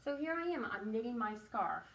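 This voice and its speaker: A woman teaching a writing and drawing lesson to young children, speaking slowly and encouragingly and stressing each word. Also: fairly high pitch, very animated, fairly bright tone, far from the mic.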